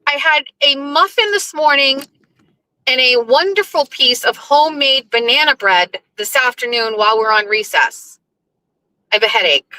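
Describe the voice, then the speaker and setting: A woman's voice: high-pitched, normal speed, sharp tone, no room sound, low-quality recording. A woman hosting a casual live chat from her car while she drives, chatty, scattered and blunt, sounding emotional and overwhelmed. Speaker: host. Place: car, driving.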